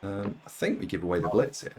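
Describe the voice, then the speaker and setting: Laid-back lowish-voiced guy playing a game on stream, talking through moves, pitch all over. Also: animated, quick pace, a faint crowd. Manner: easygoing, thinks aloud about moves. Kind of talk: casual game commentary.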